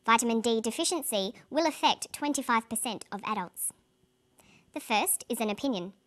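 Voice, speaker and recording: A woman presenting an English pronunciation lesson in a clear, carefully paced scripted delivery. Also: a little high, expressive, normal speed, a bit bright.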